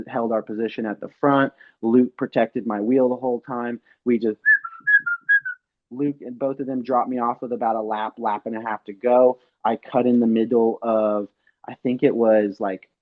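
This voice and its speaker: A man telling race stories in a casual interview, animated, acting out what others said. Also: medium pitch, narrow, tinny audio. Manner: animated storyteller, acts out quotes loudly. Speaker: pro bike racer guest.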